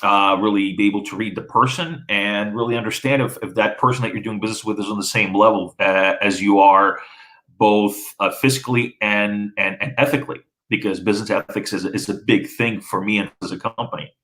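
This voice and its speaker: A man from the former Soviet Union, Russian his first language, talks in a relaxed, rambling way. His voice sits on the low side. He stops and restarts often and fills gaps with "you know". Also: brisk, poor audio. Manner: rambling, many fillers and restarts. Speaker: interviewee. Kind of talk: casual conversation.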